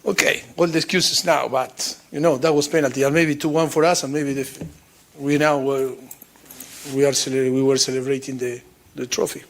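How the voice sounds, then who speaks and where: A man whose first language is Spanish, answering at a press conference as a football coach in halting English with many pauses and restarts. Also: medium pitch, steady tone, gravelly. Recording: played clip from press conference.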